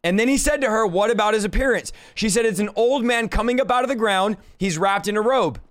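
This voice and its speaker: A man's voice: high-pitched, quick pace, fairly bright tone. A man hosting a podcast, giving a fervent preaching-style Bible teaching and exhorting the listener directly. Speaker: podcast host.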